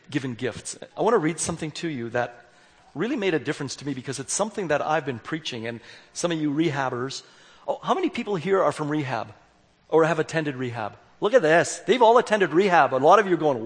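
A man's voice: on the high side, animated, fairly quick, slightly rough. A man giving a candid, self-deprecating sermon as a youth worker, acting out his own dialogue. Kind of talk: sermon with storytelling. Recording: long hall reverb.

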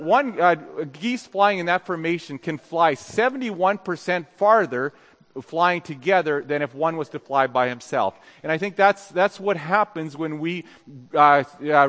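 A man preaching a sermon in a church, speaking haltingly with many fillers and restarts. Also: on the high side, a bit bright. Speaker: pastor. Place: church sanctuary. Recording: long hall reverb.

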